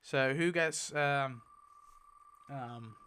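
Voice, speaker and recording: A man giving casual, excitable commentary while spinning a wheel, laughing often and mumbling lists to himself. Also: mid-range voice, drawn-out words, a little hiss or hum. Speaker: YouTuber.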